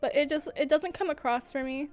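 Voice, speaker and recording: Speaking fairly quickly in a high, slightly mellow voice, a young woman chats casually on a livestream with faint music in the background. She gushes, uses many fillers, and often laughs mid-sentence.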